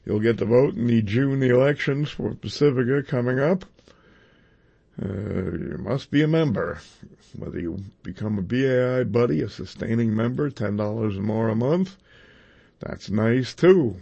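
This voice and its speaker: Gravelly man making a radio pledge appeal. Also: mid-range voice, normal speed, dull audio. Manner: relaxed, joking, conversational. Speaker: radio host.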